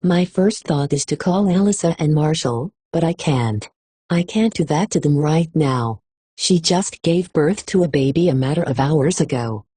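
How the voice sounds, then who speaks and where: Female audiobook reader with a husky, dry close sound and emotional first-person delivery. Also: low-pitched, normal speed, dark tone, dry recording. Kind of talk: expressive audiobook narration.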